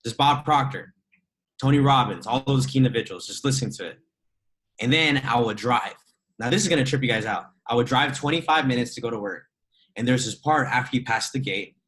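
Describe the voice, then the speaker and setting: A young man giving an energetic, chatty motivational talk to a group on a video call. He often adds "right?" and laughs as he goes. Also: mid-range voice, low-quality recording. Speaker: trading mentor speaking to a group call.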